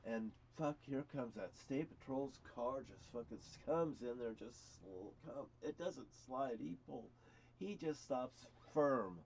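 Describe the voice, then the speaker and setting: A man's voice: mid-range voice, expressive, a little slow, a little mellow, muffled recording. An older man rambling through a personal story, cursing freely and chuckling now and then.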